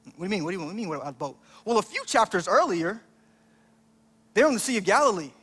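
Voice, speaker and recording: A man's voice: high-pitched, very animated, fast talker, sharp tone, breathy edge, in a large hall. A man preaching a sermon as pastor, in a conversational style that acts out the lines he quotes.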